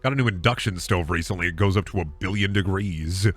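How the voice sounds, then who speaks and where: A man streaming a video game and riffing in a mock stand-up style, swinging from muttered asides to shouted rants. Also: sits low, fast talker, breathy edge, soft background music. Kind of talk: comedic gaming stream banter.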